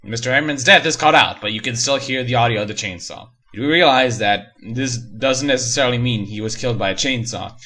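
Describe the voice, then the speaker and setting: A man's voice: mid-range voice, fairly quick, few pauses, sharp tone. A man reading a horror story aloud for comedy, breaking in with sarcastic, mocking asides. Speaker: story reader and reviewer.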